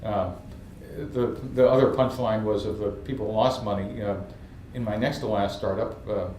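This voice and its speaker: A man's voice: on the low side, moderate pace, a little hiss or hum. A man from New York, telling funny stories as an entrepreneur guest. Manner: lively, humorous storyteller. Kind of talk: storytelling interview. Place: event stage. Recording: echoey room from a distance, faint ambience.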